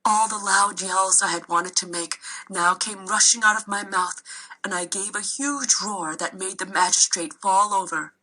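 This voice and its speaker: A woman narrating a children's novel aloud in a steady storytelling way. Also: mid-range voice, moderate pace, poor audio. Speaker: reader.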